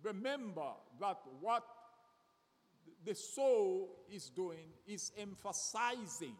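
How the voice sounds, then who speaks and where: A man preaching a sermon slowly and deliberately, often repeating words as he searches for the next one. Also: high voice, expressive. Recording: long reverb of a hall.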